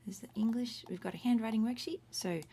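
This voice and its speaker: A woman's voice: a little high, brisk, warm tone. A middle-aged woman teaching Latin from home in a casual, chatty livestream, explaining words one by one and breaking off to comment as she goes. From Australia. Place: home room. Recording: faint room noise.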